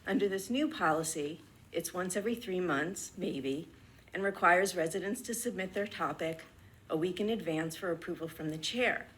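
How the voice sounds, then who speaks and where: A woman reading a prepared public comment at a town board meeting, earnest and measured, a little out of breath. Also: on the low side, fairly bright tone, slight background noise. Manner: earnest, measured, deliberate pauses between list items. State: slightly out of breath. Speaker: resident speaking at public comment.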